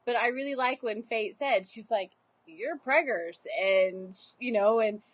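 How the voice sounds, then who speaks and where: A woman's voice: fairly high pitch, moderate pace, poor audio. A young woman talking animatedly about a book, giggling and acting out quoted characters. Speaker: book vlogger. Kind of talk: casual book discussion.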